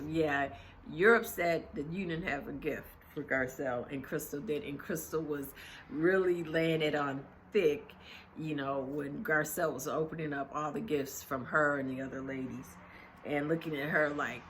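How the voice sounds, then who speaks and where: A woman's voice: sits low, fairly even intonation, normal speed, slight background noise. A woman chatting casually as she recaps a reality TV episode, gossipy and full of fillers.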